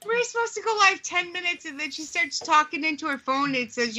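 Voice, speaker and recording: A woman co-hosting a casual podcast chat, animated, blunt and joking as she tells stories. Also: high voice, quick pace, rough recording. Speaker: podcast co-host.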